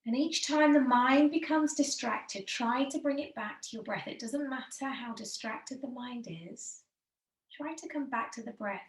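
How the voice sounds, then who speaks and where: A woman leading a guided breathing and posture lesson in a slow, soothing, gently encouraging way. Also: fairly high pitch, reverberant, rough recording.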